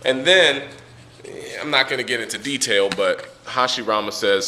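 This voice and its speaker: A man's voice: mid-range voice, moderate pace, bright, forceful tone, distant mic, a little hiss or hum. A man reviewing a manga chapter in a casual, rambling, joking way, with many fillers. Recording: echoey room, from the mic.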